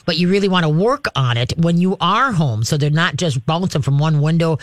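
A man with a fairly high voice hosts a call-in advice show as a dog trainer, speaking briskly in a folksy, homespun way and giving animated demonstrations. There's no echo on the recording.

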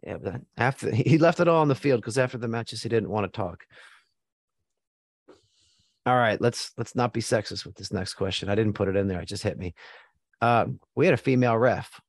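A man's voice: on the low side, fairly quick, no room sound. An American man hosting a casual sports chat, blunt and joking with plenty of swearing. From United States.

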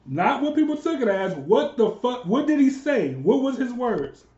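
A man co-hosting a podcast in casual political banter, animated and incredulous, laughing often. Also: very high-pitched, moderate pace. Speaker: podcast co-host. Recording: roomy, dull lo-fi sound.

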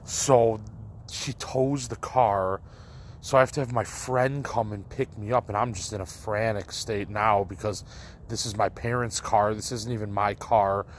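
A man's voice: on the low side, a little hiss or hum. A young man telling a personal story in a casual, rambling way, full of likes and restarts. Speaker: storyteller addressing listeners.

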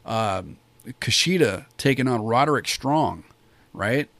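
A man's voice: medium pitch, animated, takes it slowly, fairly bright tone, no echo. A man giving a casual spoken review of a wrestling show, rambling and enthusiastic, with many fillers and restarts.

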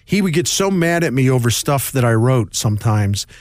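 A middle-aged male sports columnist telling stories as a guest in a casual interview, animated and quick in bursts. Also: mid-range voice, dry recording, studio quality.

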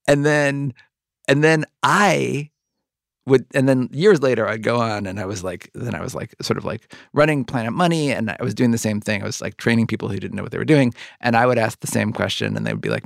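A man's voice: medium pitch, fairly quick, vocal fry, dry recording, studio quality. A middle-aged man hosting a podcast interview, rambling with many likes and restarts. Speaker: podcast host. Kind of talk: conversational interview.

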